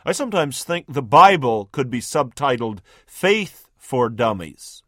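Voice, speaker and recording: A man's voice: mid-range voice, sing-song, a little slow, fairly bright tone, no room sound, clean studio sound. Male radio preacher telling a story. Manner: vivid storytelling, second-person, emphatic. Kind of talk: dramatic scripted sermon narration.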